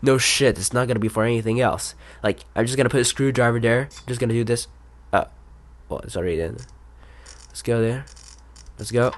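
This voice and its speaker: A man hosting a gaming channel, giving casual, rambling commentary on a game in a profane, excitable way. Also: mid-range voice.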